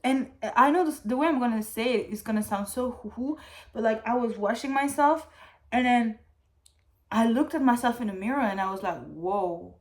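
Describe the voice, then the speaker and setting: A woman talks straight to her viewers in a loose, wandering chat, her voice sitting a little high. She is candid and a bit emotional, leaning on "like" and dropping the odd swear word. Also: a little fast. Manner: rambling and candid, heavy on "like" fillers; swears freely. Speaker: vlogger. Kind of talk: casual chat.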